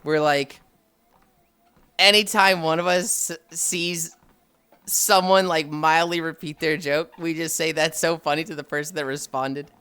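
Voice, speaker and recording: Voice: medium pitch, fairly even intonation, unhurried, pushed and bright, smooth. A livestreamer chatting casually with viewers, telling stories with frequent sighs and laughs. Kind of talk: casual live-stream chat.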